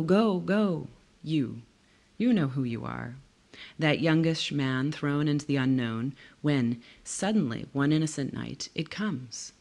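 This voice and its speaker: A woman author reading from her own novel in a measured, expressive way. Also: low-pitched.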